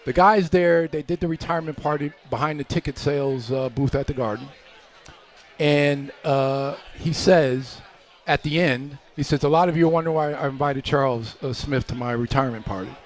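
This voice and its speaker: A middle-aged man, a former pro basketball player, telling long anecdotes as a guest on a live radio show, relaxed and acting out the voices of people in his stories. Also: a little high, normal speed. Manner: relaxed anecdotal storyteller, acts out quoted voices. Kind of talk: storytelling in a live radio chat.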